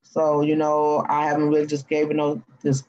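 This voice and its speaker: A woman with a Cajun accent hosting a casual live stream, rambling in a folksy way with drawn-out fillers. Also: low-pitched, monotone, a little mellow, highs cut off. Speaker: live-stream host reading cards.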